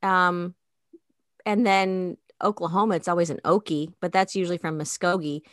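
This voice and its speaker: A woman in her forties from the Chicago suburbs, hosting a podcast in an easygoing chat and quick to laugh. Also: fairly low pitch, steady tone, no room sound, clean studio sound. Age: 40s. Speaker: podcast host. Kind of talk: casual chat.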